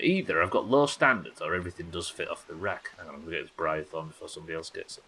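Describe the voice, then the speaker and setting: Excitable man streaming a game. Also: deep voice, husky. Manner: excitable, quick bursts, chatty with viewers. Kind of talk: live gameplay commentary.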